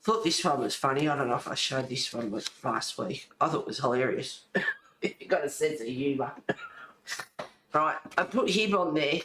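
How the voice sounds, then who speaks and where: A woman's voice: extremely low pitch, normal speed, a bit bright, slight background noise. A woman chatting casually in a craft vlog, rambling and laughing often as she shows her work. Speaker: colouring and junk-journal vlogger. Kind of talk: casual chat showing crafts. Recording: echoey room.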